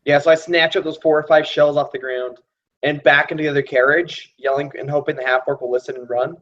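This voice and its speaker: Quick, slightly high male player, muffled lo-fi audio. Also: steady tone, a bit bright. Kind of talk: describing his character in first person.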